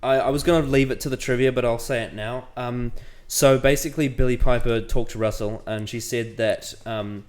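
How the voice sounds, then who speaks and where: Man, casual reviewer, mid pitch, hesitant and halting. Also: fairly even intonation. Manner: hesitant, lots of ums and restarts. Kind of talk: casual chat.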